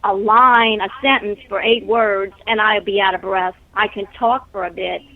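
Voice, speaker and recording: This caller speaks at medium pitch in a steady tone and at a moderate pace, with no echo on the tinny, dry telephone line. Out of breath, she rambles earnestly about the symptoms she's having.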